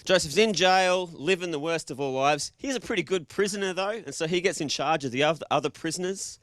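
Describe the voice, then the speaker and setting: Brief: Australian male preacher, higher voice, jokey and casual, dry close sound. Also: brisk, a bit bright, no echo. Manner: joking, casual, quizzes the audience. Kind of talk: interactive sermon to a live congregation.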